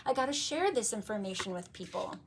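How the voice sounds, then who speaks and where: A woman voicing a young shepherd boy, amazed and eager, talking in excited wonder. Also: medium pitch, a little fast, slightly rough.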